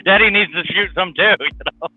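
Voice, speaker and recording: A man and father chatting casually, telling animated stories with many restarts. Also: a little fast. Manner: animated storyteller, imitates his daughters in a high voice. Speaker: guest, father of two. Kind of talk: casual chat. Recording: tinny phone line, faint music.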